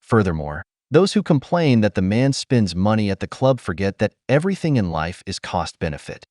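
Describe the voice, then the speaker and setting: A man narrates scripted commentary in a lecturing, preachy tone. His low voice rises and falls widely, and the recording is dry and close. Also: big pitch swings, normal speed, a little mellow, no echo.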